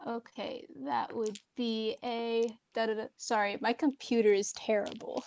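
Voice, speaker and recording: A woman's voice: a little high, little pitch movement, a little slow, vocal fry, darkish tone, clear, resonant tone, lo-fi sound. A woman player in a tabletop role-playing game, chatting casually and hesitating as she plans her moves.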